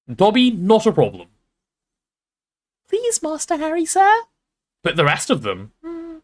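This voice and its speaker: Brief: male streamer, chatty and animated, swears casually, pitch swinging all over. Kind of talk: reading a novel aloud and chatting on stream.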